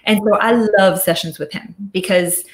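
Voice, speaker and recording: A woman's voice: on the low side, steady tone, normal speed. Chatty woman on an echoey call. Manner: chatty, thoughtful, with frequent restarts. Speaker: audio studio founder, guest speaker. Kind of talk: casual virtual talk.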